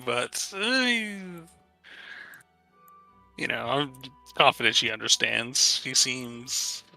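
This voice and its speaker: Guy describing what his character does in a tabletop game, laid back, really bright voice. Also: mid-range voice, extremely slow, creaky, soft background music. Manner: relaxed, thinking aloud with fillers. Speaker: player.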